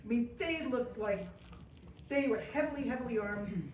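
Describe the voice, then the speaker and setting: A woman's voice: fairly high pitch, normal speed. A woman telling a travel story to a live audience, acting out the dialogue with lots of animation. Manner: animated, acts out quoted dialogue. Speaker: guest speaker telling travel stories. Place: event room with a small audience. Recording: roomy, distant mic, faint noise.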